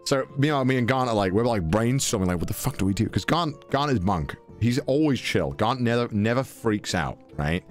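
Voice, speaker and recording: A man's voice: animated, moderate pace, hardly any pauses, soft background music. A young British man telling a travel story, swearing often and putting on voices for the people in it. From Britain. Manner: swearing, mimics voices, high-pitched exclamations. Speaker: podcast storyteller. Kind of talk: animated anecdote telling.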